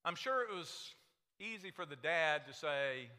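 A man preaching a sermon, impassioned, swinging between hushed, intimate lines and loud, urging ones. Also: a little high, lively intonation, measured pace. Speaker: pastor. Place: church sanctuary. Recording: echoey hall reverb.

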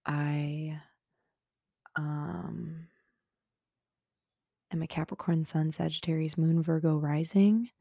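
Young woman, solo podcast host at home in bed; low, mellow, unhurried, rambling and self-mocking, often half-whispered. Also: steady tone, gravelly, dry recording, clean studio sound. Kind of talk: casual solo podcast chat. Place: bedroom at home.

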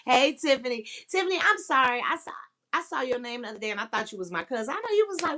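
A woman's voice: on the high side, sing-song, brisk, pushed and bright. A woman hosting a podcast and chatting casually with listeners, talking in a blunt, explicit, candid and playful way. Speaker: podcast host. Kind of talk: frank casual live chat.

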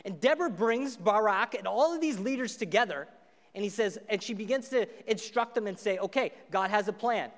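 A man pastor preaching a sermon, casual and animated as he retells a story. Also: sits high, brisk. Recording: echoey hall reverb.

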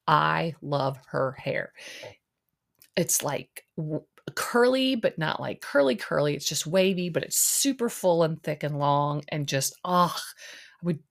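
Low-pitched woman podcast host, super chatty recap, full of likes and ums, very opinionated. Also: expressive, slow pace, gravelly. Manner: chatty, opinionated, lots of fillers. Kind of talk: casual reality-TV recap.

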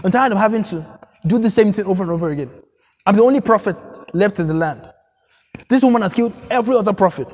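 Man doing a despairing prophet, high and loud, exasperated pleading. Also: quick pace, big-room sound. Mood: weary, pleading. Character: weary, despairing old male prophet.

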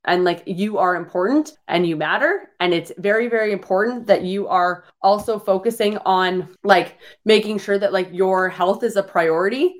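Blunt, energetic woman fitness coach. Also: normal speed, hardly any pauses. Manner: blunt, energetic, swears freely, many fillers; voices the listener's complaints in a higher pitch. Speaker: fitness coach and podcast host. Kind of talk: casual motivational talk on a live-streamed podcast.

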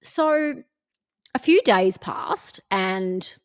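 A woman's voice: mid-range voice, expressive, very slow, smooth. A woman, hosting a podcast and candidly telling a personal story in casual chat, swearing freely. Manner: candid and sweary, acts out friends' lines. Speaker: podcast host.

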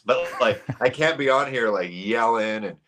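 A man from Canada in his thirties, a guest on a podcast, telling stories in a lively, animated way and acting out the people he quotes. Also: medium pitch, moderate pace, a loud crowd. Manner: animated storyteller, acts out quoted voices. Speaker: podcast guest, sports YouTuber. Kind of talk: casual chat.

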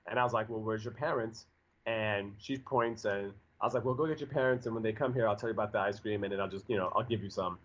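A man's voice: lowish voice, quick pace, a bit bright, a little hiss or hum. A man in his forties telling a story in a casual chat, rambling with lots of fillers and restarts. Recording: dull lo-fi audio.

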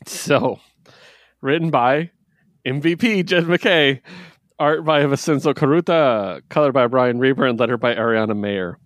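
In a casual comic review podcast, a man co-hosts at normal speed in a mid-range voice, animated, laughing frequently and acting out lines from the books. The clean studio sound has no echo.

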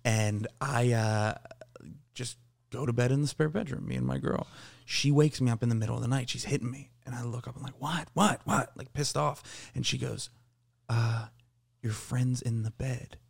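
A man's voice: mid-range voice, creaky. A man in his thirties telling a long, rambling, profane story on a casual podcast, laughing along as he goes. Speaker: podcast co-host.

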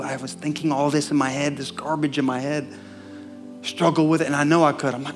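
A middle-aged man preaching a sermon, telling a personal story and building to loud, fervent peaks. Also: mid-range voice, steady tone, fairly quick, gravelly, music in the background.

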